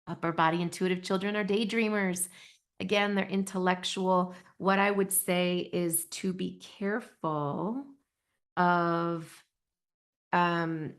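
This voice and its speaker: A middle-aged woman hosting a podcast, talking in a gentle, earnest way with frequent restarts. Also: fairly low pitch, fairly even intonation, takes it slowly. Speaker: podcast host, intuition teacher. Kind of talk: podcast talk.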